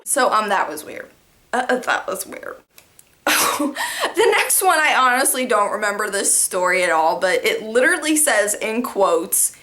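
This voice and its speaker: A young woman telling funny workplace stories straight to the camera in a casual vlog, animated and quick to laugh, with lots of "like" fillers. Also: medium pitch.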